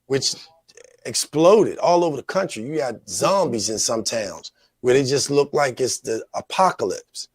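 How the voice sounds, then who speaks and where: A man's voice: mid-range voice, animated, unhurried, breathy edge, no echo. A man hosting a talk show, giving earnest commentary, rambling with "you know" fillers. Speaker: radio show host.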